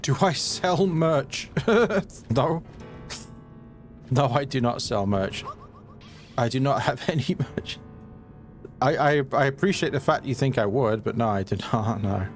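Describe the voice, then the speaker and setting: Male let's-play streamer, average pitch, loose and conversational, quick to grumble at himself. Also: animated, faint music behind. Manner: chatty, self-mocking, quick to frustration. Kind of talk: live gameplay commentary.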